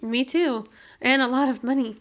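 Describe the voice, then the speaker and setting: A woman's voice: high voice, fairly even intonation, normal speed. A young woman co-hosting a podcast, chatting playfully and laughing easily. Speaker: podcast co-host. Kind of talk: casual chat.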